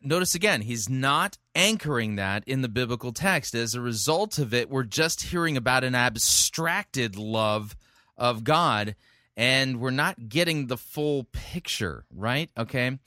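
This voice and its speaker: A man commenting on a sermon recording in a conversational, animated way, often restarting his sentences. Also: medium pitch, measured pace, dry recording, clean studio sound. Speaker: sermon reviewer.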